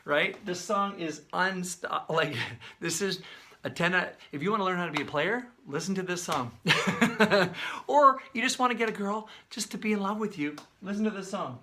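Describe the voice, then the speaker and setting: A man breaking down a song's lyrics in casual, animated video commentary, sometimes singing and beatboxing snippets. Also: high voice, normal speed, slight background noise. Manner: animated, talks with his hands, sings and beatboxes snippets; conversational, many fillers. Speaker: songwriter breaking down a song.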